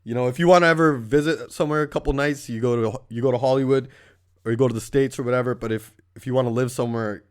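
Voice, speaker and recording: A man's voice: medium pitch, fairly even intonation, fast talker. A young man from Canada hosting a casual, rambling podcast, full of swearing and laughing as he tells stories. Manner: profane, laughing storyteller. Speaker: podcast host.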